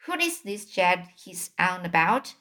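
A woman voicing a brave, curious little girl in a storybook reading, speaking quietly. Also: lowish voice, big pitch swings, a little slow, full character voice. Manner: quiet, lightly whispered. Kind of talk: storybook read-aloud.

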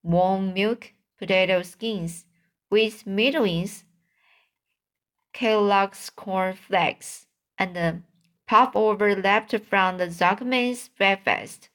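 A woman narrating a children's storybook at an unhurried, deliberate pace. Her reading is careful and plain, with the odd stumble where she goes back and restarts a word. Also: mid-range voice, fairly bright tone. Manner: slow, careful reading with occasional slips and restarts. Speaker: audiobook reader.

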